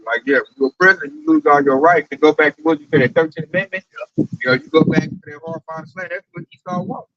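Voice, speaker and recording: A man in a casual group discussion, animated and slangy, often tagging his sentences with "man". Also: on the high side, fast talker, no room sound, muffled recording. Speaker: camp group member.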